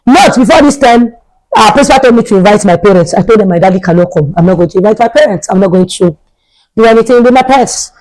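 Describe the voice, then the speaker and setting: Give me a young woman vlogger with a mid-pitched voice, telling a chatty story and repeating herself for emphasis. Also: lively intonation, fast, a little mellow, low-quality recording. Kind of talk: storytime vlog.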